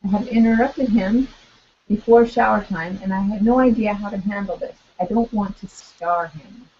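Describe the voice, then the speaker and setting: A woman's voice: medium pitch, normal speed. A woman co-hosting a call-in Q&A, reading listener questions plainly and adding brief reactions. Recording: dull call audio with faint background noise.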